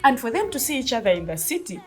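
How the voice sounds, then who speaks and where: A woman in her thirties with a Ugandan accent, telling a personal story in a casual, animated way, often laughing and acting out dialogue. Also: fairly high pitch, fast talker. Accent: Ugandan English.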